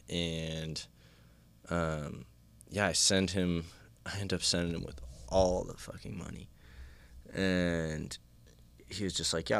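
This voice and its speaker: A man's voice: low voice, no echo. A man casually telling a long personal story, rambling with lots of filler words and swearing.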